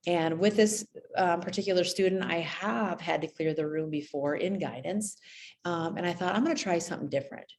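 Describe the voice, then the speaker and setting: Lower-voiced woman counselor telling stories. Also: brisk. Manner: conversational, often checking in with "right?"; lively, acts out children's voices in her stories. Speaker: school guidance counselor. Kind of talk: storytelling presentation.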